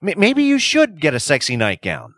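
A man acting a flustered marriage counselor who stammers and pleads for calm. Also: on the high side, normal speed, dry recording, clean studio sound.

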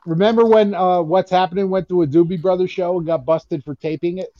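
A man co-hosting a podcast, chatting casually in an excitable, joking way. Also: high voice, fairly quick, no room sound, dull audio. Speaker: podcast co-host. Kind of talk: casual chat.

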